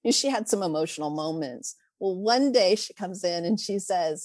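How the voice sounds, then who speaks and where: A woman, a former preschool teacher, telling classroom stories as a podcast guest, animated and laughing often. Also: fairly low pitch, normal speed, hardly any pauses, no echo. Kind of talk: casual storytelling interview.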